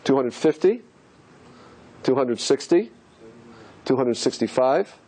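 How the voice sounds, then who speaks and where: A man's voice: mid-range voice, lively intonation, slow pace, mellow. A man teaching as a rabbi, asking rhetorical questions and musing aloud as he explains letters on a board. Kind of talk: teaching lecture.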